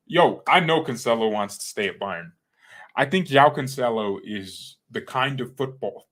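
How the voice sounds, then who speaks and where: Excitable jokey man chatting to viewers. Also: mid-range voice, a little slow. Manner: jokey, rambling, slips into playful put-on accents; chatty and excitable, addresses viewers as guys and bro. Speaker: fan channel host. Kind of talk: casual live-stream chat.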